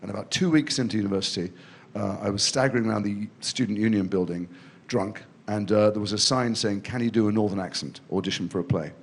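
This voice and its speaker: A middle-aged man from England talks in a fairly low voice as a guest in an interview. He tells long, rambling stories and pokes fun at himself as he goes. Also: quick pace, slightly rough. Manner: rambling self-deprecating storytelling. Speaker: guest actor. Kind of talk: in-depth interview conversation. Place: festival stage before a student audience.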